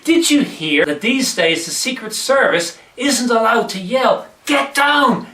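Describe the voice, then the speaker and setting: A man's voice: extremely high pitch, very animated, measured pace, fairly bright tone, far from the mic. A man presenting a comic church devotional video, telling jokes and answering himself as a weary skeptic. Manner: plays both joke-teller and weary skeptic. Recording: echoey room, off mic.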